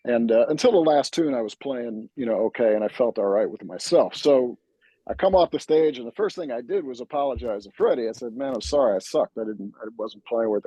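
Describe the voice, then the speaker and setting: A man's voice: medium pitch, lively intonation, a little fast, dark tone, slightly rough, dry recording, low-quality recording. A male drummer recalling old lessons in casual chat, rambling with lots of fillers and restarts. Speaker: drummer and host.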